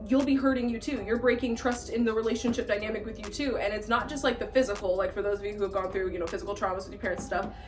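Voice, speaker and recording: A woman's voice: mid-range voice, steady tone, very fast, few pauses, soft background music. A woman in her late twenties giving blunt life advice in a casual vlog, emphatic and given to repeating her points. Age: late 20s. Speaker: vlogger.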